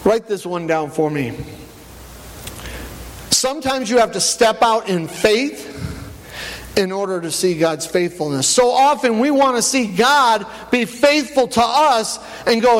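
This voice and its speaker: A man preaching a sermon, animated, rising to loud peaks and dropping low. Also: a little slow. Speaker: pastor. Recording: long church hall reverb.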